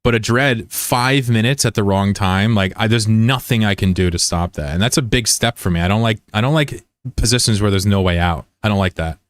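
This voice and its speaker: A man's voice: lowish voice, brisk, dry recording. A man streaming a game and chatting casually with his viewers, rambling and joking at his own expense. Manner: rambling and digressive, with many restarts; joking, self-deprecating.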